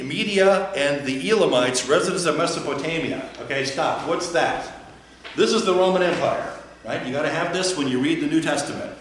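A man's voice: a little high, slight background noise. A male pastor giving a chatty, joking sermon, often putting questions to the listeners. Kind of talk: conversational sermon. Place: church. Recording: very echoey church.

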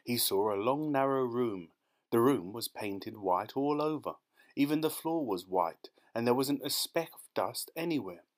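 A man narrating a children's storybook in a lively, expressive manner. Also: medium pitch, a little slow. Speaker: audiobook narrator.

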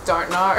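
A young Australian woman answering questions about her country in a sarcastic, quick-witted way, laughing often. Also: fairly low pitch, background noise. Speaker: video creator answering questions. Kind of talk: casual comedic answers.

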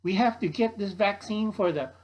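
A stern, preachy nun who packs a pistol and issues righteous warnings, as an older man puts her on. The voice is pushed high and sounds insistent. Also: moderate pace, darkish tone, rough recording. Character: stern gun-toting female nun.

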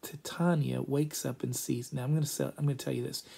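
A man retelling a play for a class in an animated, chatty way, full of asides. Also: mid-range voice, fairly quick, vocal fry, slightly rough. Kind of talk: lively story retelling.

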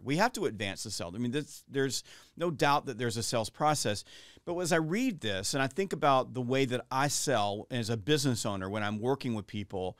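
A middle-aged man hosts a podcast interview, talking earnestly and circling back with many restarts. His voice is smooth and resonant, recorded dry and close with no room sound. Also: medium pitch, a bit bright, no room sound. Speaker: podcast host. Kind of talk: conversational interview.

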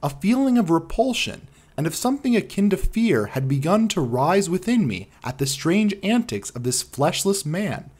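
A male audiobook narrator reads a classic tale in a measured storytelling manner. His voice sits a little high, and his intonation moves expressively through each line. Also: very animated, a little mellow, husky.

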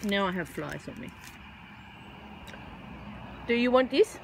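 A woman's voice: mid-range voice, expressive, slow pace, gravelly, slight background noise. A young woman outdoors, cooing pet talk at wild birds with muttered asides to a handheld camera. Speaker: vlogger feeding wild kookaburras. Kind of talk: casual outdoor chat to animals and camera. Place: outdoors among trees. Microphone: handheld camera held to the side.

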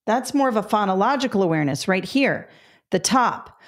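A woman's voice: mid-range voice, expressive, fairly quick. A middle-aged woman leads a test-prep webinar in an explanatory, step-by-step way. She talks right to her viewers and catches her own slips. Her throat sounds a little dry. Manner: explanatory, self-correcting, addresses viewers directly. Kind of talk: webinar lesson.

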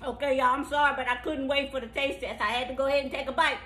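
A woman hosting a casual cooking demonstration in a home kitchen, folksy and exuberant, breaking into high whoops. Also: level tone, fast, a bit bright, poor audio. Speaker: cooking show host.

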